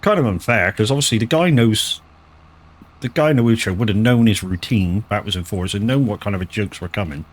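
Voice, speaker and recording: A man with a fairly low-pitched voice, chatting to his viewers as he plays. He rambles through a story with lots of stammered restarts. His talk is loose and sweary. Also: a little fast. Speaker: live streamer. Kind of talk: casual gaming stream chat.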